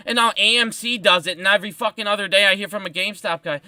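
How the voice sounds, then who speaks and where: A man's voice: high voice, fairly even intonation, quick pace, hardly any pauses, bright, forceful tone, no room sound. A man ranting heatedly on a live stream, profane and emphatic as he talks about stocks.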